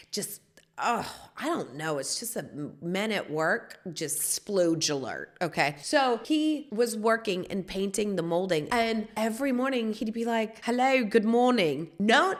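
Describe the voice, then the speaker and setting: A woman in her forties hosting a podcast, telling bawdy personal stories in a lively, candid way. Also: on the low side. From United States. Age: 40s. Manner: bawdy, animated storyteller. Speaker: podcast host. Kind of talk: candid storytelling.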